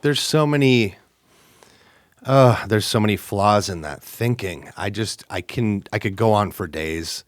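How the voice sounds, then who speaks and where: Podcast guy, middle voice, super dry close mic, earnest and slow-ish, bit wry. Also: fairly low pitch, no room sound. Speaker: podcast co-host. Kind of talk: casual faith podcast chat.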